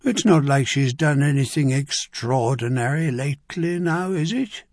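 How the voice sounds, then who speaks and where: A man's voice: mid-range voice, a little slow, a little mellow, no room sound. A man voicing a sardonic older nobleman, the father of a lord, in an audiobook. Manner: sardonic, dry.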